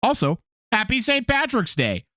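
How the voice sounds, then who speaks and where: A male podcast co-host chatting loosely and goofily, his pitch leaping up and down as he gets excited. He swears and trips over his own sentences. The sound is dry and close to the mic. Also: normal speed, no room sound. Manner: goofy, animated, swearing, trailing off into restarts. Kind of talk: casual podcast chat.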